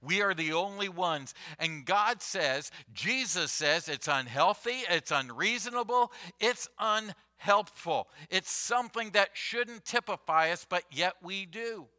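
A man delivers a sermon from the pulpit, unhurried and deliberate, circling back to repeat key phrases. His voice is strikingly bright and sits a little high for a man. He lets each point land before moving on. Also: animated. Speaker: pastor.

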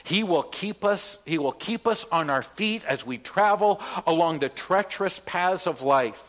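A man's voice: high voice, animated, measured pace, a bit bright. A man delivering a sermon as pastor, from Canada, emphatic and leading the congregation in call-and-response.

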